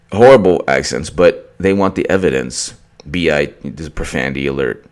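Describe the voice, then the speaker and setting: A man's voice: very deep voice, normal speed, few pauses. A man giving opinionated political commentary in a ranting, mocking way, with many restarts.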